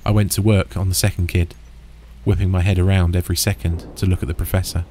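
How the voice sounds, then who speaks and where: A man narrating a first-person horror story in a steady, understated, deadpan way. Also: low-pitched, fast, a little hiss or hum.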